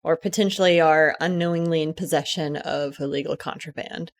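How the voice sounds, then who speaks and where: A woman's voice: sits low, fairly even intonation, fairly quick. A woman voicing a polite, officious female security officer in a tabletop game.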